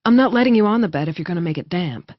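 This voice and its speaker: A woman's voice: lowish voice, lively intonation, very fast, dry recording, highs cut off. Commanding wolf-shifter lieutenant, read by a woman. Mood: brisk teasing. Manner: commanding, teasing.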